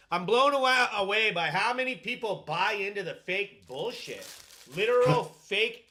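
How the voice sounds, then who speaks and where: A man hosting a live stream on his own, reading out viewer comments and giving shout-outs in a loud, profane, hyped way. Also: high-pitched, animated, normal speed. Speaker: host.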